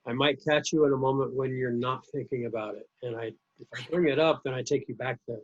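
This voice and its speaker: A man hosts a podcast, asking long, winding questions in a slightly husky voice and answering his guest with supportive agreement. The recording sounds dull and lo-fi. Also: medium pitch, steady tone, quick pace. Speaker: podcast host. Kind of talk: conversational interview.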